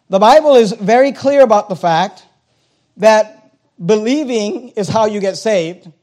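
Male pastor, high pitched, emphatic repetitive sermon delivery. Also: darkish tone. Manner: emphatic, repetitive preaching with rising intensity.

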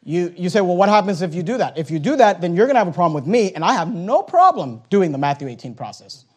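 Male pastor, high-pitched, lively sermon delivery, acts out dialogue, blunt with a joking edge. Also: fast. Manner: animated preaching with acted-out dialogue and rising emphasis.

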